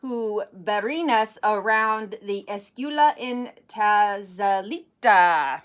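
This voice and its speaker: A woman voicing the biggest of a small gang of chihuahuas, excited and casual. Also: mid-range voice, slow pace. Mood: urgent. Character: big, excitable male chihuahua pal.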